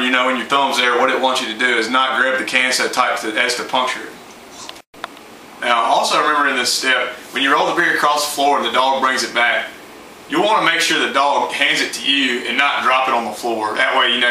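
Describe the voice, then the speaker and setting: A man's voice: mid-range voice, bright, forceful tone, distant mic, a little hiss or hum. Folksy man in an echoey room. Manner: plain, folksy and informal, with many fillers. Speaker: dog trainer. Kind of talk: instructional how-to talk.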